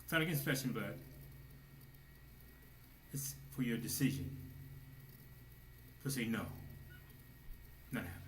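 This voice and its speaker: A man preaching a sermon, swinging between hushed low asides and loud exclamations, at times speaking as God in the first person. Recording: echoey room with faint noise.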